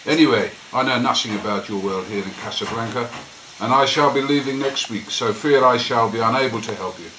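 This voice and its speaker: A pompous French theatrical agent, played by an Englishman, formal and a little grand in his phrasing. The room around him rings with echo and clear background noise. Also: medium pitch, brisk, natural voice. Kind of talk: amateur murder-mystery party role-play. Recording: echoey noisy room.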